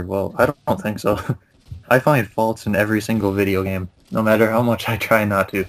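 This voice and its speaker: A laid-back man in casual chat, answering with short, dry remarks and the odd chuckle. His voice sits on the low side. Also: fairly even intonation, a little fast. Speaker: co-host of a gaming channel. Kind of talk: casual ranting chat with a friend.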